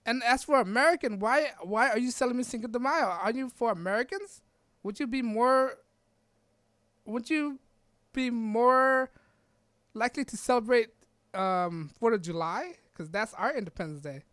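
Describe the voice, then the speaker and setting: A woman's voice: fairly high pitch, moderate pace, a bit bright, dry recording, studio quality. A woman hosting a podcast, giving an emphatic opinion monologue full of repeated rhetorical questions and tag checks. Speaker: podcast host.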